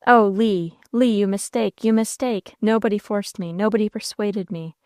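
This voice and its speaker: A desperate young woman from an old romance speaks through sobs and falters, as a woman narrator puts her on. The voice is smooth and clear, recorded close and dry. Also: mid-range voice, steady tone, moderate pace, a little mellow, dry recording, lightly acted. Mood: anguished. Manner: sobbing, faltering.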